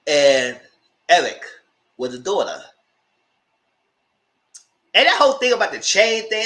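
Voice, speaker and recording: A man's voice: a little slow, pauses often. A man hosting a channel, recapping TV episodes in casual, gossipy commentary, swearing freely and jumping into squealed exclamations. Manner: animated, gossipy retelling with frequent swearing; breaks into high squealing exclamations. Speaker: TV show reviewer and channel host.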